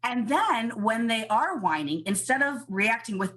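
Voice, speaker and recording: A woman's voice: fairly high pitch, big pitch swings, unhurried, fairly bright tone. A woman pediatrician giving emphatic parenting advice in a casual podcast interview. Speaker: pediatrician guest.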